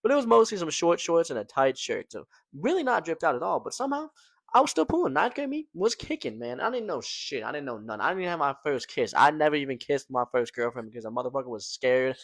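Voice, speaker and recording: Young male storytelling vlogger, animated slangy delivery, dry close sound. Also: a little high, fast talker, no room sound. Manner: slangy, animated, fillers like "man" and "right?". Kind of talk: casual storytelling to camera.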